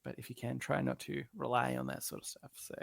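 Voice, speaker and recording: Podcast co-host, male, gravelly fry at mid pitch, dry close mic, earnest and halting. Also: fairly even intonation, no echo. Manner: earnest, halting, many restarts. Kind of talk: casual podcast chat.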